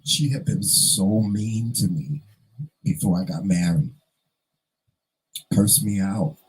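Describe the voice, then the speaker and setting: Deep husky man telling an emotional story. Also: slow, low-quality recording. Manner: earnest, emotional, repeats phrases for emphasis. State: fighting back tears. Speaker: vlogger. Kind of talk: personal storytelling vlog.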